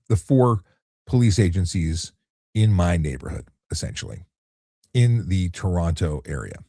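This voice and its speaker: Low husky-voiced cop hosting late night. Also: male voice, dark tone, dry recording, clean studio sound. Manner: easygoing, often repeats words when restarting. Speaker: traffic cop and livestream host. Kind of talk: relaxed late-night live chat answering viewer questions.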